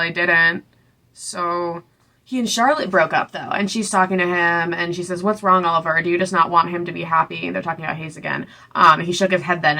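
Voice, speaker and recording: A young woman casually recapping a book, sarcastic and chatty, acting out the characters' lines in quick little voices. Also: lowish voice, bright, forceful tone. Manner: sarcastic, chatty, full of "like" and asides. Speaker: book reviewer.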